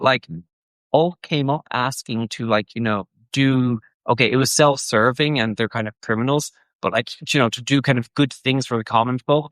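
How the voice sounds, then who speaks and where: A man hosting a casual show discussion, rambling with many fillers and quick mock quotes. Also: medium pitch, a bit bright, no echo. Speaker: podcast host.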